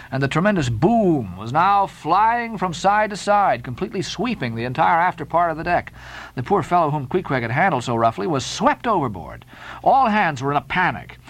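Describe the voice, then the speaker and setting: Male audiobook narrator, expressive, dramatic, slightly raised voice, lively pitch swings. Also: poor audio. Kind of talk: scripted narration of a classic novel.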